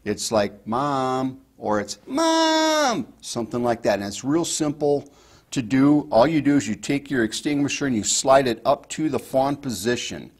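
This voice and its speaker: A man teaching hunters fawn calls, explaining each step in a relaxed instructional way. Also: medium pitch, normal speed. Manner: explains step by step, demonstrates softly. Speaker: hunting call instructor. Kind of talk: instructional talk.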